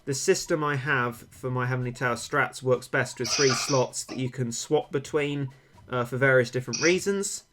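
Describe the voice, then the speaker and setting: A young man with a British accent chatting casually while streaming a game, rambling and pausing with frequent ums. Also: medium pitch, background noise. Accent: British English. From Britain. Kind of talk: casual gaming stream chat.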